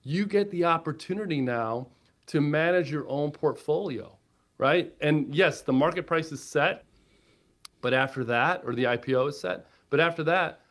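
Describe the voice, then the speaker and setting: A man guest on a podcast, an energetic storyteller who keeps checking in with "right?". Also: a little high, normal speed. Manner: energetic storyteller, quotes himself and wife, lots of "right?". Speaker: guest, platform co-founder. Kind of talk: podcast interview.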